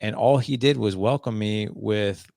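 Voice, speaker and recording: A man with a lowish, gravelly voice, speaking as a podcast guest about parenting. He tells stories with energy, slipping into quick acted-out dialogue with his teenage son. The sound is dry and close, with no room echo. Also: a little mellow. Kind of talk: conversational interview storytelling.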